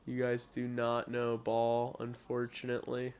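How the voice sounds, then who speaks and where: While streaming hockey live, a man chats bluntly and crudely with his viewers, occasionally winding up into loud rants. He speaks unhurriedly in a mid-range voice with fairly even intonation.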